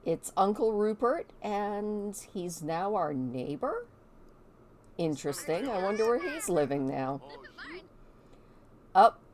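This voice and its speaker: A woman's voice: medium pitch, sing-song, slow, pauses often, noisy background. Curious, chatty woman narrating gameplay. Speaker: gaming video host. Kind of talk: casual let's-play commentary.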